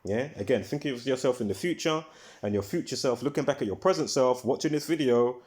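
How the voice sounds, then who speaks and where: A man's voice: mid-range voice, brisk, darkish tone. A man hosting his own video, talking in a casual rambling monologue, full of fillers and repeats, who swears when heated. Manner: repetitive, filler-heavy, restarts often. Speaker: video host.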